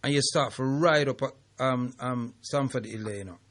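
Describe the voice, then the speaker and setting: A man hosting a call-in radio talk show, talking in a relaxed, conversational way and slipping into patois. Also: mid-range voice, moderate pace.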